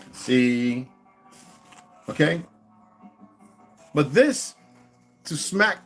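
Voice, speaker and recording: A man delivering a profane, confrontational ranting monologue as an online commentator, swinging from loud outbursts to low mutters.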